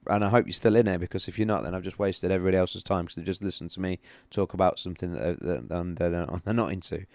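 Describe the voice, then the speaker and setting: Male streamer, chatty and rambling, lowish voice, close and dry. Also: fairly even intonation, fast talker, vocal fry, a little mellow, dry recording. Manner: chatty, rambling, repeats himself. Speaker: livestream host. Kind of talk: casual live-stream chat with chart analysis.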